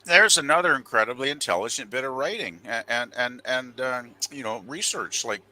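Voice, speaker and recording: A man's voice: medium pitch, normal speed, bright, forceful tone. A man chatting as a guest on a live movie review panel, giving enthusiastic commentary.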